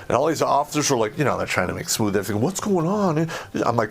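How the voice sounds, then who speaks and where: Speaking fast in a mid-range voice with few pauses, this middle-aged podcast host recounts a crude army-days story. His manner is blunt and full of swearing, and he livens up when acting out the scenes.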